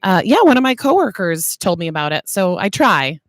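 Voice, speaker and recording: A woman's voice: fairly low pitch, very animated, a little fast, dry recording. A woman chatting casually with a host outside a movie theater, friendly and earnest. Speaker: interviewee. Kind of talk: casual chat.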